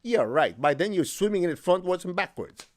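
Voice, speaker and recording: A man teaching a meditation and healing class, plain-spoken and humorous, asking the class questions and acting out quotes with sudden high jumps in pitch. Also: very animated, brisk. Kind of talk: spiritual class talk.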